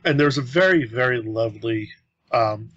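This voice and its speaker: A man's voice: medium pitch, lively intonation, moderate pace, a bit bright, highs cut off. Man telling rambling anecdotes on a podcast. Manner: rambling anecdotes with acted-out quotes. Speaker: podcast co-host. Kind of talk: casual storytelling chat.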